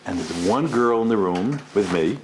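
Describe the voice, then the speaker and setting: A man's voice: moderate pace, background noise. A middle-aged man, a rabbi, giving a storytelling lecture to a live audience in a large room, acting out the people in his stories. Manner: animated, acts out the people in his stories with big pitch jumps.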